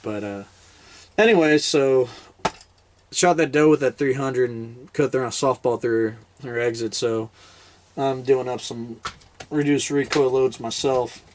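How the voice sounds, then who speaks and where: A man's voice: mid-range voice, unhurried, a little hiss or hum. A man, a military veteran, casually telling a hunting story in a rambling, laid-back way with many fillers and restarts.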